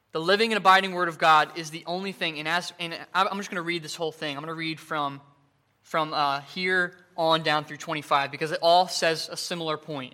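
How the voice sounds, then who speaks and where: Guy giving an earnest sermon, bright fairly high voice, lots of uhs, slows down and leans on the verses. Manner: earnest, with frequent fillers and restarts, slowing and rising to stress scripture. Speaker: preacher.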